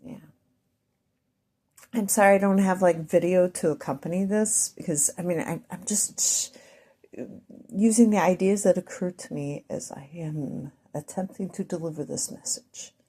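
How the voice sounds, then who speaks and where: A woman with a Midwestern accent talking in a rambling vlog monologue, speaking slowly and deliberately with wandering asides. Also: fairly low pitch, dark tone, slightly rough. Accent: Midwestern American. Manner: wandering, self-interrupting asides. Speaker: vlogger.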